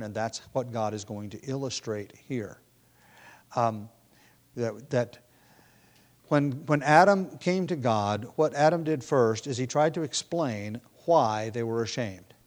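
Male preacher, mid-pitched, conversational sermon delivery with acted-out quotes. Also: unhurried. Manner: conversational, thinking aloud with restarts and acted-out quotes.

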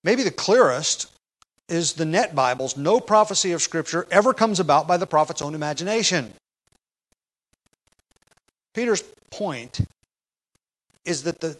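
A man preaching an expository sermon at a measured teaching pace, growing loud and emphatic when he quotes scripture. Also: fairly high pitch, animated, rough recording.

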